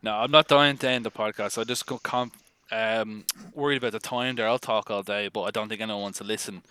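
Easygoing man, lower voice. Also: fairly even intonation, fairly quick, pushed and bright, clean tone. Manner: easygoing, laughing. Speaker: podcast co-host. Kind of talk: casual chat.

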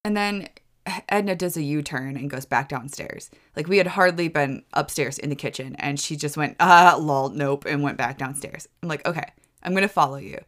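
A woman with a low-pitched voice tells a story on her own podcast. Her delivery is rambling and a little chaotic, with stumbles and restarts, and she leaps up in pitch whenever she acts out what she said. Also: fairly quick. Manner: swoops high for quoted exclamations. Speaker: podcast host. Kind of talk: casual storytelling.

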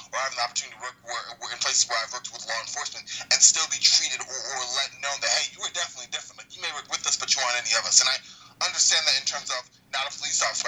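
A young man recounts what happened to him in a quick, rushing stream of words. His voice is husky and very bright, and he often breaks off and starts a sentence again. He slips into the dialogue as he tells it. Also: medium pitch, low-quality recording. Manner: rambling, many restarts, acts out dialogue. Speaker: guest recounting experiences. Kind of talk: casual storytelling conversation.

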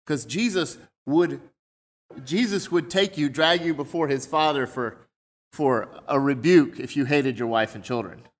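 A man's voice: mid-range voice, measured pace. A man preaching a sermon in a conversational way, explaining his points through everyday examples.

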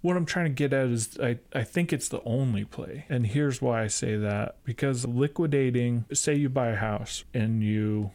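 A man's voice: medium pitch, normal speed, hardly any pauses, a little mellow. A man co-hosting a podcast, talking casually and hesitantly with many fillers and restarts. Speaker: podcast co-host. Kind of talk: casual chat.

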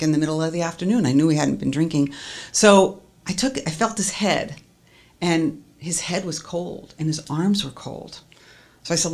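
A woman earnestly recounting a personal story as a testimony, stringing events together with "and". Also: low voice.

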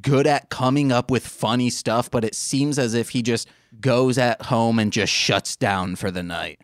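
A man in a mid-pitched voice co-hosts a podcast in a casual, joking way. He tells funny stories as he goes. The recording is close and dry, with no room sound. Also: measured pace, no room sound. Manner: joking, animated storyteller. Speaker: podcast co-host. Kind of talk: casual chat.

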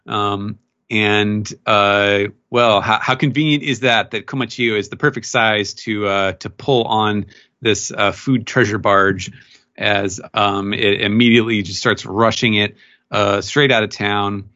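Bright-voiced man recapping a comic. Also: on the low side, fairly even intonation, a little slow, highs cut off. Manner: rambling, many fillers, quotes characters in raised voices. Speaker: podcast co-host. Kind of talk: casual manga recap chat.

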